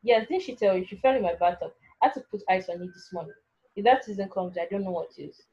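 A woman putting on a defensive young man, indignant and dismissive, in her own mid-pitched voice, heard through a dull lo-fi recording that rounds off the highs. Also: fast talker, mellow, slightly rough, natural voice.

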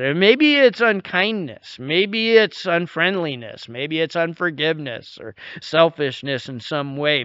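A man preaching a sermon in a conversational way, often restarting phrases and dropping to a soft, intense hush. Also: a little high, clean tone, dry recording, muffled recording. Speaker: pastor.

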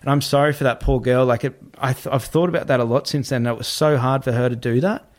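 A man telling a story in casual talk, animated and swearing, acting out what other people said. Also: medium pitch, fast.

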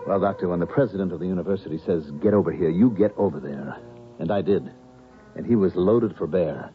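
An actor playing a quiet astronomy professor who protests and narrates his ordeal, in a 1970s radio drama. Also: low voice, fairly quick, soft background music, lightly acted. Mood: narrating. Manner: indignant, protesting. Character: quiet, retiring male astronomy professor, indignant. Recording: dull vintage radio recording with faint hiss.

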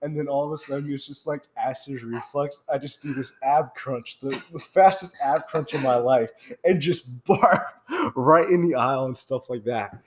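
A man's voice: mid-range voice, normal speed, few pauses. A young man, casually telling a funny story on a podcast and laughing as he talks. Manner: animated, laughs while telling stories. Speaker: podcast host.

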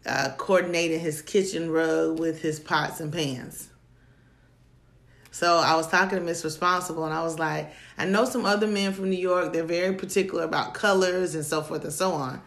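Animated low-voiced woman, echoey room. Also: moderate pace. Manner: animated storytelling, laughs often. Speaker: podcast co-host. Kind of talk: casual dating chat.

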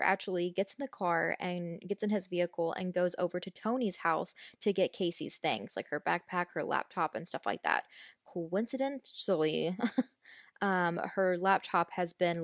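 This is a woman with a lowish voice hosting a true crime podcast. Recorded on a podcast microphone in studio quality with no room sound, she casually retells a case, chatty, frank and opinionated, dropping the odd mild swear.

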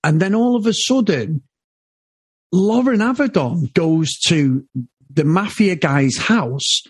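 A British podcast co-host in his thirties talks through a film in an excited, sweary ramble. His voice is a bit husky and swoops up and down a lot. The sound is dry and close. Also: high-pitched, takes it slowly, no room sound. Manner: animated, sweary, laughs often. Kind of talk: casual film review chat.

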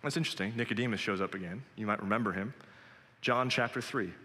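A man preaches with a bright, forceful voice that carries a long hall reverb. His delivery is earnest and conversational, climbing to emphatic peaks. He speaks from a church sanctuary. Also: lowish voice, fast talker. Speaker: pastor. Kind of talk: sermon.

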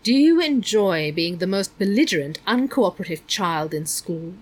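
A woman's voice: lowish voice, sing-song, moderate pace, husky. A woman voicing a stern, prying middle-aged male school principal who lectures and talks down to a student. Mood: exasperated. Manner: lecturing, condescending.

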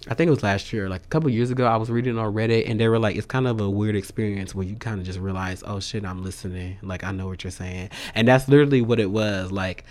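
A man in a casual vlog update, talking excitedly and loosely with many fillers and slang like y'all. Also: fairly low pitch, quick pace, few pauses. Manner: says "y'all" and "sis". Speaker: vlogger.

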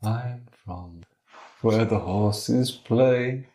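A man voicing a strange, creepy male drug dealer who speaks slowly and oddly, in a roomy recording. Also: mellow. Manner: slow, low, sinister, odd rhymes.

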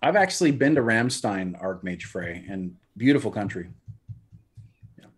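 A man's voice: lowish voice, animated, normal speed, husky. A man co-hosting a podcast, chatting casually in an easygoing, storytelling way. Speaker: podcast co-host.

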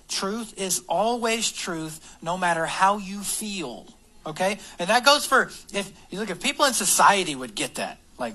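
A male pastor gives a relaxed, talky sermon. His voice is bright and sits a little high for a man. He slips into playful voices to act out the people he quotes. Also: rough recording. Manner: casual, conversational, acts out quotes in voices.

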